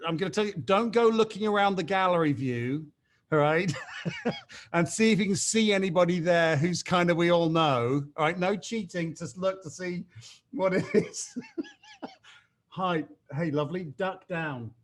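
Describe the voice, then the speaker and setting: A man's voice: high voice, normal speed. Upbeat chatty man hosting a video call. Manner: chatty, upbeat, self-mocking jokes, frequent fillers. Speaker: team call host. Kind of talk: energetic video call pep talk.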